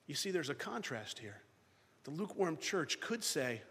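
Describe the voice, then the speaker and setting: A man preaching a sermon as pastor, swinging between loud emphasis and hushed, quiet lines. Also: medium pitch, expressive, normal speed, husky. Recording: long reverb of a large hall.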